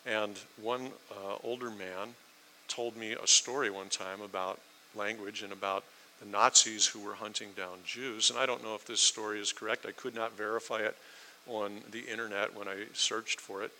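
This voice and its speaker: A man's voice: on the low side, steady tone, normal speed, sharp tone, slight background noise, rough recording. A middle-aged man preaching a sermon, telling stories with emphasis. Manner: storytelling, emphatic. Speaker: pastor.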